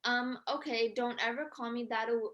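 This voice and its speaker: A woman's voice: on the high side, fairly even intonation, normal speed, fairly bright tone, lo-fi sound, close to an everyday voice. A woman reading aloud as a schoolgirl who stands up to bullies, polite but firm.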